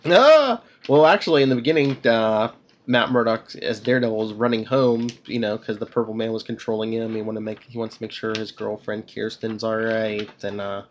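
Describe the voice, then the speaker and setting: A man's voice: on the low side, little pitch movement, brisk, lo-fi sound, slight background noise. A man co-hosting a podcast, rambling through a casual plot recap with lots of fillers. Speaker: podcast co-host. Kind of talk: casual comic review chat.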